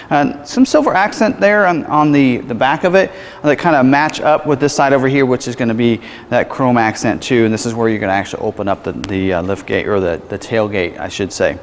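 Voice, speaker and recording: A man's voice: mid-range voice, long reverb tail, a little hiss or hum. Man walking around a car, explaining features. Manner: casual, explanatory, frequent fillers and self-corrections. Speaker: car salesperson. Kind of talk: vehicle walkaround demonstration.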